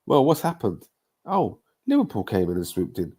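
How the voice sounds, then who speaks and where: A man's voice: lowish voice, wildly swooping pitch, moderate pace, mellow, slightly rough. A young man, ranting sarcastically in a casual football chat. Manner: sarcastic, mocking rant. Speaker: podcast host.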